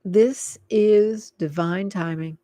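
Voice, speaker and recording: Slow, soothing woman tarot reader. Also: mid-range voice, warm tone, no room sound. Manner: rambling and filler-heavy, coaxing and soothing. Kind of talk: live tarot reading, casual and unscripted.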